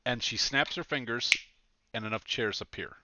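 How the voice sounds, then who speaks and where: A man's voice: medium pitch, moderate pace, dull audio, very noisy. A man narrating a tabletop game as game master, descriptive and chatty with many fillers.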